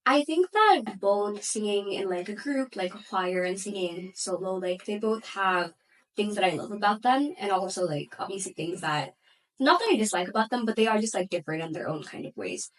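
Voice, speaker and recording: A woman's voice: mid-range voice, animated, normal speed, far from the mic, poor audio. A young woman, an opera singer and student, answering interview questions in a thoughtful way full of "like" and "you know". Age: young adult.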